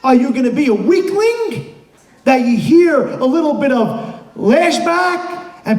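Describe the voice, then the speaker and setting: A rabbi with a very high-pitched voice preaches to a live audience. He is emphatic, sinking into quiet asides and then rising to shouted rhetorical questions. The sound carries a strong room echo. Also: very animated, measured pace. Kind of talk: motivational sermon. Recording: echoey room.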